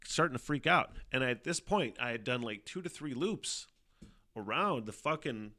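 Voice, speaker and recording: This middle-aged podcast host rambles casually on his own show, profane and filler-heavy, laughing often. His medium-pitched voice is expressive and sharp-toned at normal speed, recorded dry in clean studio sound.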